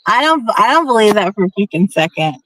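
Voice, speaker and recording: A woman in casual chat who reacts quickly and swears freely. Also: mid-range voice, big pitch swings, fairly bright tone, low-quality recording.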